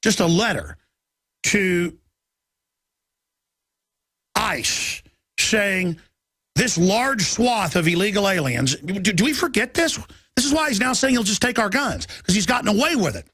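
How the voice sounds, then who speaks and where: A man hosting a talk radio show, ranting urgently and reading headlines aloud in quick bursts. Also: high voice, very animated, bright, forceful tone, breathy edge, no room sound, studio quality. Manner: reads headlines aloud rapidly.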